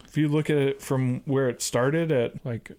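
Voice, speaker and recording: A man's voice: medium pitch, steady tone, normal speed, a little mellow. A man co-hosting a podcast, talking casually and hesitantly with many fillers and restarts. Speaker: podcast co-host. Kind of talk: casual chat.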